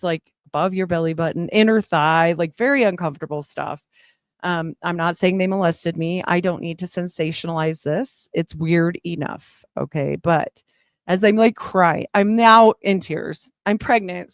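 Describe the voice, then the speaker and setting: A woman's voice: lowish voice, dry recording, studio quality. A middle-aged woman giving a candid personal testimony in a chatty storytelling way, full of fillers. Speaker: guest sharing testimony.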